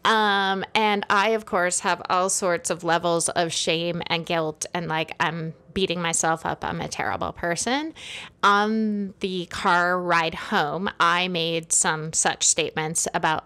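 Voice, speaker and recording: A woman in her thirties chatting casually on a podcast, telling a story with lots of fillers and an animated, storytelling manner. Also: fairly low pitch, unhurried. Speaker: podcast co-host.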